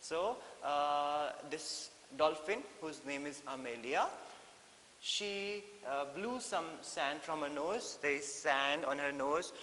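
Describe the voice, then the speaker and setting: A male English teacher with an Indian English accent talks through a story in an animated, repetitive way, slipping into Hindi now and then. His slightly high voice sits in an echoey room with long reverb and a faint hiss. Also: slow pace. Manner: animated, mixes in Hindi, many fillers and repeats. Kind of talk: classroom lesson explaining a story.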